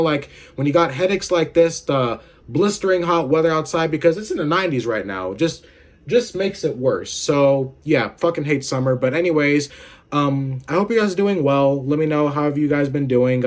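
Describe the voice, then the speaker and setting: A young man hosting a casual video game commentary, rambling and swearing with lots of filler words while feeling unwell with a headache. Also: medium pitch. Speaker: gaming video host.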